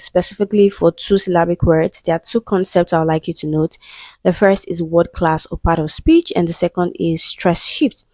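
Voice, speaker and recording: A woman's voice: on the low side, warm tone, no room sound. A woman with a Nigerian English accent, patiently going through exam English questions and checking in with "okay" and "right". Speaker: exam prep tutor.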